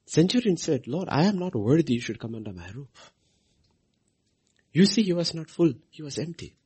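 A man preaching a sermon, repeating key phrases and swinging his voice from soft lows to loud highs for emphasis. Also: big pitch swings, normal speed, slightly rough.

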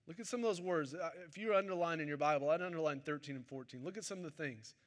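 A man's voice: a little high, fast. A man preaching a sermon to his congregation in a church service, talking in a conversational way and joking with the people in front of him. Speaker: pastor.

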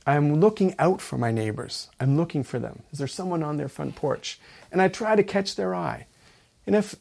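A man preaching a sermon as a pastor, earnest, reading scripture aloud with rising emphasis and slow, deliberate pauses. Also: fairly high pitch, a little mellow.

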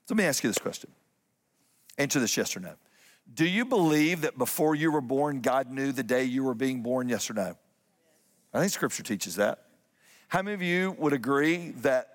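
Preaching man in an echoing church. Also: fairly high pitch. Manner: emphatic preaching with repeated refrains, speeding up and slowing down. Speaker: pastor. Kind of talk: sermon. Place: church sanctuary.

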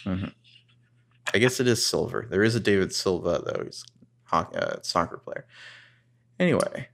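A man's voice: deep voice, lively intonation, normal speed, gravelly, a bit bright. A man co-hosting a casual podcast, recapping a TV episode and swearing freely. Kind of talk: casual chat.

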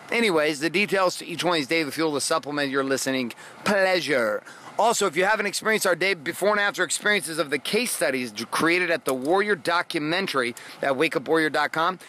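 A man's voice: on the high side, pushed and bright. Profane, fired-up male podcast host. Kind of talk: motivational monologue.

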